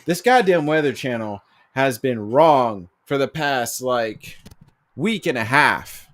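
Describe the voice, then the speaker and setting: A man's voice: mid-range voice, expressive, slow, a bit bright. A young man co-hosting a podcast in casual chat, rambling with lots of fillers and cursing. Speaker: podcast co-host.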